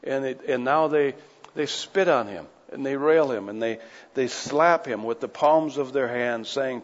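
A man preaching an earnest sermon, moving between quiet reflection and pressing intensity. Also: mid-range voice, measured pace. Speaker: pastor. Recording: dull audio with long hall reverb.

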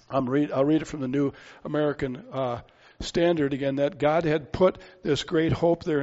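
Older male pastor, slightly raised pitch, earnest expository sermon delivery, lo-fi dull recording. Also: darkish tone. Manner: earnest, repeats words while thinking aloud.

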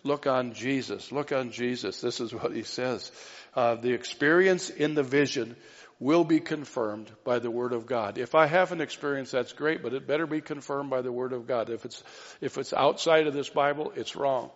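A man's voice: mid-range voice, moderate pace. A man preaching a sermon as pastor, earnest and repeating key phrases for emphasis. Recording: dull reverberant hall recording.

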